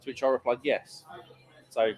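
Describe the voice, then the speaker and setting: A man's voice: medium pitch, fairly even intonation, normal speed, rough recording. Playful man reading viewer comments. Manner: playful, reads viewer comments aloud, laughs. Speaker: quiz host and co-host. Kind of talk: casual live stream chat. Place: pub taproom.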